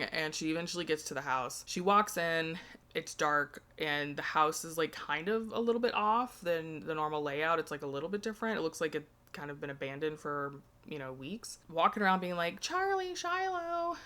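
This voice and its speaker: A woman's voice: deep voice, brisk, sharp tone, smooth. A woman casually recapping a book's plot in a chatty, filler-heavy way, acting out the characters' lines as she goes. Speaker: book reviewer.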